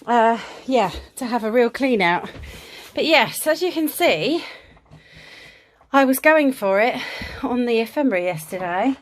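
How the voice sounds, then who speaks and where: A woman's voice: a little high, lively intonation, a little slow, rough recording. A woman chatting casually in a home craft vlog, rambling with ums and little laughs, a bit out of breath, filming on a handheld camera. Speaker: craft vlogger. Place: home craft room, indoors.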